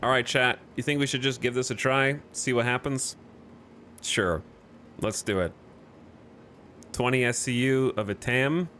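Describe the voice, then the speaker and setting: A man streams a video game, chatting with viewers in a rambling, jokey way and often restarting his sentences. His medium-pitched voice is fairly bright, a little slow, with long pauses and a little hiss or hum.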